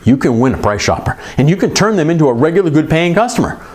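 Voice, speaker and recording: A middle-aged man gives a coaching talk to repair shop owners, his voice sitting a little high and swinging widely in pitch. He speaks emphatically and conversationally, tossing in quick asides. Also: big pitch swings, a little mellow, a little hiss or hum. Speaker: business coach for repair shops.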